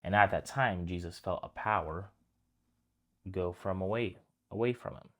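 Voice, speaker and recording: A man's voice: deep voice, normal speed, a bit bright. A man giving a casual, conversational sermon, retelling a story and talking straight to his listeners. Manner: conversational, addresses listeners as guys, restarts phrases. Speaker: preacher.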